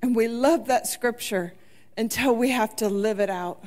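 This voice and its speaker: A woman's voice: on the high side, normal speed. Impassioned woman preaching a sermon. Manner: impassioned, shouting and near tears at peaks.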